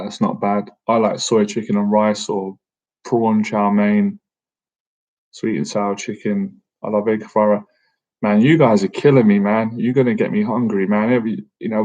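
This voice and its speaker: A chatty, joking man in his thirties fields questions from his chat in a casual live-stream Q&A. His voice sits on the low side, and he keeps calling his viewers "man". The audio is dull and lo-fi, like a basic streaming setup. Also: darkish tone. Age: 30s. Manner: chatty and jokey, peppers sentences with "man". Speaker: boxing coach and livestream host.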